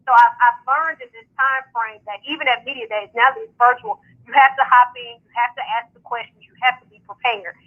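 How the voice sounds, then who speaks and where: Over a phone-line call-in, this radio guest, the founder and host of a sports media outlet, chats happily about her work. Her voice is on the high side, and she talks fairly quickly with few pauses, stringing long stretches together with fillers.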